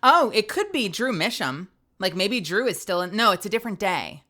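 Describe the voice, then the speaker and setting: A young woman streaming a game, chatting casually, with excitable, swearing reactions. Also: medium pitch, normal speed.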